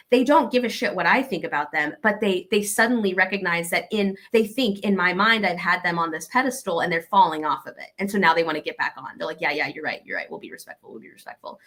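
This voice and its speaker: A young woman with a Southern American accent giving casual, animated advice and acting out the exchanges she describes. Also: lowish voice. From Arkansas, USA. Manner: animated, acts out quoted exchanges.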